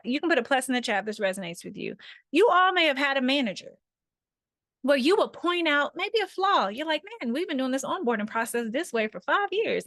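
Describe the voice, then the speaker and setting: A woman's voice: sits high, fairly bright tone, no room sound, clean studio sound. A woman facilitating an online workshop over a video call, talking conversationally and often checking in with her listeners.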